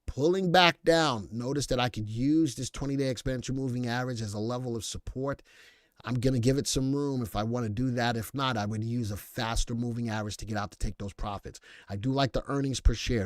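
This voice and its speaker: A stock analysis livestreamer with a medium-pitched voice jokes around between picks and reads the chat aloud in a playful, casual market commentary. The audio is clean studio sound with no room sound.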